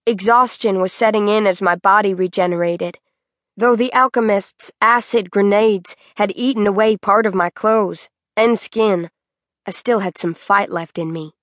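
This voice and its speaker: A woman narrating a fantasy audiobook in a measured, dramatic manner, recorded on a studio microphone. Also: mid-range voice, a bit bright, no echo.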